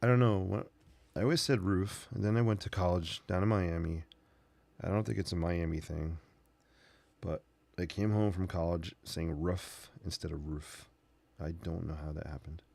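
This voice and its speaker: Deep gravelly man chatting while he paints. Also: normal speed, dry recording. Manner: relaxed, rambling, talks while painting. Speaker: art livestream host. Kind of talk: casual sketching livestream chat.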